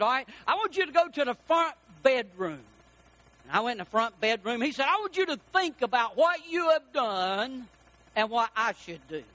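A middle-aged preacher man delivers a sermon. His voice sits high and sounds bright and forceful. He slows right down to lean on key words and acts out the people in his stories. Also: low-quality recording. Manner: preaching with storytelling, slow emphatic stresses, quoted dialogue. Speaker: pastor.

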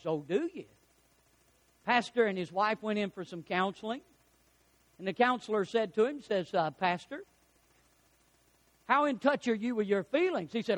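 A man's voice: sits high, expressive, normal speed, long pauses, fairly bright tone. A man preaching a sermon as pastor, telling stories and acting out the lines of people in them. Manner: storytelling preacher, acts out quotes, chuckles at own jokes.

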